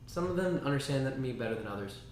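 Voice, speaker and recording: A man streaming casually to his chat, rambling and animated, dropping spoken sound effects like "boom" between thoughts. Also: quick pace. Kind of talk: casual livestream talk. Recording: very echoey room, faint noise.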